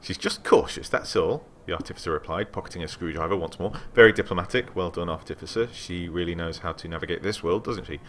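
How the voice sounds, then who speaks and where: A man hosting a let's play, reading game text aloud with excited asides. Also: sits low, fast talker, hardly any pauses.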